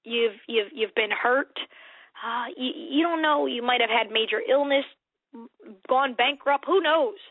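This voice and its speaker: An American woman in her forties speaks with earnest emphasis, her slightly high voice squeezed through a tinny phone-like line. The sound is dry, with no room around it. She circles back and repeats words as she works out her thoughts. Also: unhurried, no echo. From United States. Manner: earnest, emphatic, repeats herself while thinking. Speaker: guest author. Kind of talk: faith-based interview conversation.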